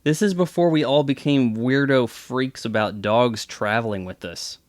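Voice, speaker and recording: A man's voice: medium pitch, moderate pace, no room sound. A man giving casual movie commentary with chatty, wry asides. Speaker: film commentator.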